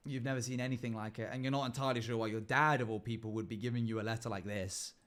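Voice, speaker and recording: A man's voice: medium pitch, steady tone, a bit bright. Man running a tabletop game. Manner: slow, deliberate descriptive narration broken by casual asides to chat. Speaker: game master. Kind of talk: narrating a tabletop game on a livestream.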